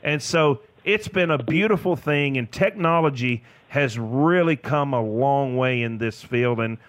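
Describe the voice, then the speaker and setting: A man's voice: medium pitch, measured pace, dry recording. A man, chatting enthusiastically as a financial advisor guest on a radio show. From Tennessee, US. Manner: enthusiastic, laughs often. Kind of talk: casual radio chat.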